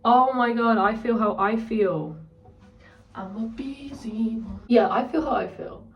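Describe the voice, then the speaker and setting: A woman's voice: on the high side, unhurried, distant mic, muffled recording. A young woman casually telling a story, candid and sweary, ranting. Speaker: vlogger. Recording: roomy echo, voice set back from the mic.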